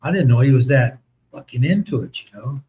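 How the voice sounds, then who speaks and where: A man's voice: medium pitch, expressive, fairly quick, muffled recording, a crowd in the background. A middle-aged man from the United States, hosting a casual chat and telling long, profane army stories with many fillers. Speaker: host.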